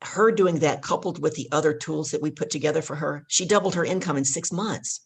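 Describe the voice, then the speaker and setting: A woman's voice: low voice, a little fast, vocal fry, husky. A woman guest and life coach telling a coaching story with energy, hammering home her key points. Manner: emphatic, repeats key points.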